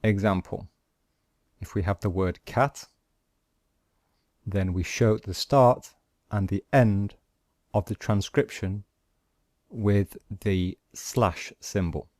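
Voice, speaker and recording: Slow, patient male teacher. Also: fairly low pitch, a little mellow, no room sound, clean studio sound. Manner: patient, models sounds and words slowly. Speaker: English pronunciation teacher. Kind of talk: slow, deliberate lesson explaining phonetic symbols.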